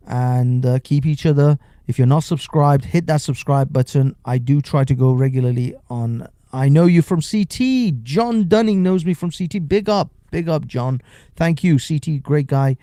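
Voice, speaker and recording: A man's voice: a little high, normal speed, dark tone, no echo, clean studio sound. A man hosting a late-night live stream, sleep deprived, rambling and laughing often in casual chat.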